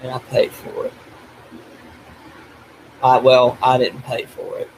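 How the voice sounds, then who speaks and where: An older man talking in a tearful video diary, grief-stricken and blaming himself, speaking haltingly with restarts and breaking off as he cries. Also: medium pitch, completely flat delivery, slight background noise, low-quality recording. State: crying. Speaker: vlogger.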